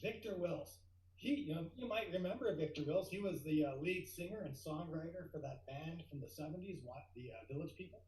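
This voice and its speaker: A middle-aged man telling a tall tale as a guest speaker, lively and building to excited outbursts. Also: a little high, brisk, roomy sound, low-quality recording.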